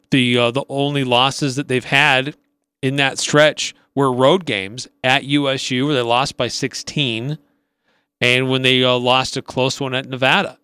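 Man, sports radio co-host, bright forceful tone, smooth resonant voice, dry studio sound. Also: medium pitch, dry recording. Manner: upbeat, rattles off stats with small restarts. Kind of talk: sports talk radio analysis.

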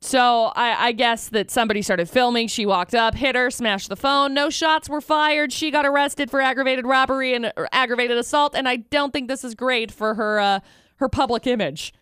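A woman co-hosting a radio show, telling odd news stories in a chatty, animated way with frequent laughs. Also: fairly high pitch, moderate pace, clear, resonant tone, no room sound, clean studio sound. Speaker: radio co-host. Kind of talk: casual radio chat.

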